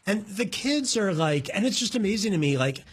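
A woman co-hosting a podcast in casual chat, animated and quick with asides. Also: medium pitch, husky. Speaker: podcast co-host.

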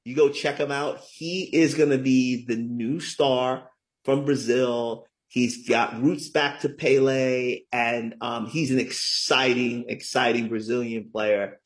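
A middle-aged man, the guest author in an interview, talks slowly with fairly even intonation in a mid-range voice. The exchange is conversational, and he comes across as enthusiastic, frequently asking "right?"

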